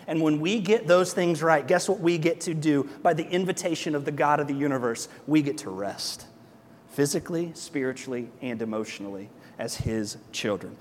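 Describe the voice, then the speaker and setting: A young man in the pulpit with a notably high, bright-edged voice. He preaches with lively, conversational energy, tossing out rhetorical questions. The sound carries a long reverb from a church hall. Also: slight background noise. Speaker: pastor. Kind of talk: sermon.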